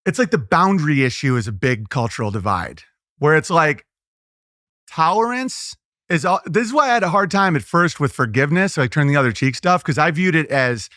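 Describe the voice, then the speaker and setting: Bright, riffing male comedian. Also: a little high, lively intonation, dry recording, studio quality. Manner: loose riffing with quick impressions and asides; frequent "like" fillers, restarts. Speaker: comedian guest. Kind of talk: casual interview chat.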